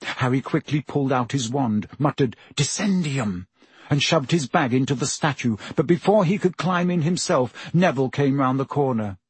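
Husky male audiobook narrator. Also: medium pitch, normal speed, no echo. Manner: steady storytelling. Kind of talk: scripted narration.

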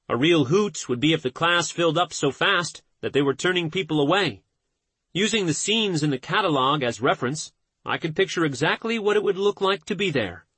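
Husky, earnest male audiobook narrator. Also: on the high side, bright, forceful tone, no room sound. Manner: measured, earnest reading. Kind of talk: scripted narration.

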